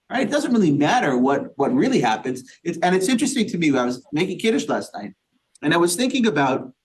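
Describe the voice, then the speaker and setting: A man, a rabbi, leading an interactive Torah study class, quizzing the group with questions and using Yiddish and Hebrew terms. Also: on the high side. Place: synagogue study session with a small group.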